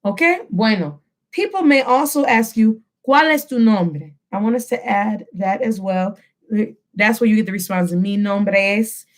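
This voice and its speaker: A medium-pitched woman gives a Spanish lesson recorded at home. She drills phrases slowly for the listener to repeat, switching between English and Spanish mid-sentence.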